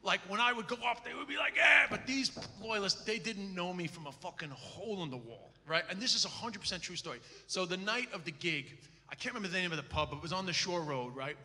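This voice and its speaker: Speaking fast in a high voice, this comedian from Ireland swears freely while animatedly telling stories as a guest at a live interview. The setting is a large, echoey hall with a live audience present.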